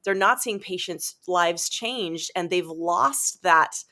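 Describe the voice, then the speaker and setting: A woman's voice: on the low side, slow pace, bright, forceful tone. A female practice coach, once a chiropractic assistant, speaking upbeat and enthusiastic in casual talk on a video call. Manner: upbeat, enthusiastic, laughs along.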